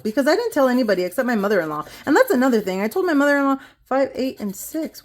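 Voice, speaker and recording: A woman's voice: fairly high pitch, sing-song, fairly quick. Budgeting vlogger, female, 30s, chatty and rambling, talks straight to viewers. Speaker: budgeting vlogger stuffing cash envelopes. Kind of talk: casual chatty vlog while counting cash.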